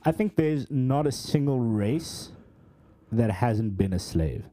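Young guy podcast cohost, mellow voice, rambly, lots of likes. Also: medium pitch, expressive, slow pace. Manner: rambling, filler-heavy, laughs easily. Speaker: podcast co-host. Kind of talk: casual chat.

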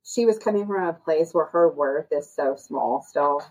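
A woman's voice: low voice, moderate pace, darkish tone, slightly rough, low-quality recording. A woman co-hosting a podcast, talking bluntly, swearing freely and rambling in casual chat. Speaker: podcast co-host.

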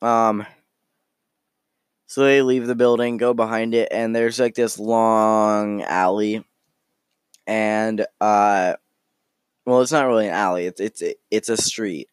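A man's voice: fairly low pitch, fairly even intonation, slow pace, long pauses, clear, resonant tone, dry recording, clean studio sound. A man narrating as game master of a tabletop game, rambling and full of fillers.

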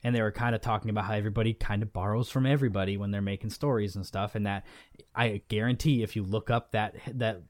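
Fast and steady in tone, a man with a fairly low voice co-hosts a podcast, chatting casually and rambling with frequent restarts and fillers. The studio sound is clean, with no echo.

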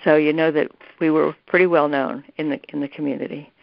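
A woman's voice: low-pitched, fairly even intonation, brisk, gravelly, no room sound. An older woman telling a family story in a rambling way, restarting her sentences often, recorded lo-fi. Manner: rambling, with many restarts and asides. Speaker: interviewee recalling family history. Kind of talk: casual storytelling. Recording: dull, lo-fi, dry recording.

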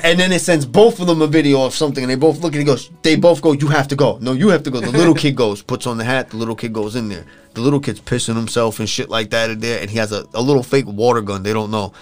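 A man's voice: mid-range voice, fast talker, hardly any pauses. Young man retelling a show, profane and loose. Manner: loose, profane storytelling full of fillers. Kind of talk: casual chat.

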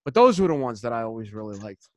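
A man hosting a sports podcast, chatting casually in an animated, rambling way full of restarts. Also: medium pitch, quick pace, no echo. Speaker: podcast host.

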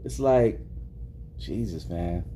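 A man's voice: low-pitched, animated, slow, dark tone, slight background noise. A man co-hosting a podcast in casual chat, joking and swearing freely as he talks. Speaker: podcast co-host.

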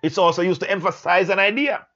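Man, higher voice, earnest Bible teacher, slow and emphatic, slightly dull lo-fi sound. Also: a bit bright. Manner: slow, emphatic, repeats phrases for stress. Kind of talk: Bible letter study lesson.

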